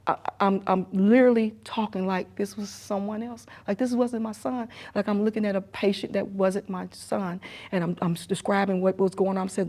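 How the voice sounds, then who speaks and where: Middle-aged woman, hushed halting testimony. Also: mid-range voice, steady tone. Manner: halting, repetitive retelling, often sinking to a hushed near-whisper. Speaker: emergency room nurse and grieving mother. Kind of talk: personal testimony in a documentary interview.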